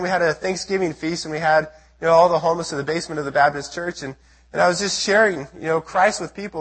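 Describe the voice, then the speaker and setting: A man from the United States giving an earnest testimony sermon to a church as a missionary speaker, telling his story with a husky voice. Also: high voice, a bit bright. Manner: earnest storytelling, acts out his own prayers and quotes.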